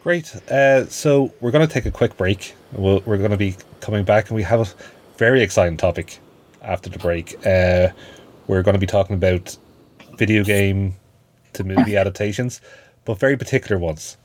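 A man's voice: fairly low pitch, normal speed, a little mellow. A man hosting a podcast, chatting casually and leading the segments like a friendly presenter. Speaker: podcast host. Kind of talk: casual chat.

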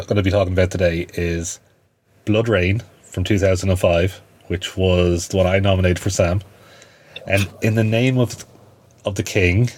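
A man's voice: low voice, a little mellow, a little hiss or hum. A man hosting a podcast, chatting casually and leading the segments like a friendly presenter. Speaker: podcast host. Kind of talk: casual chat.

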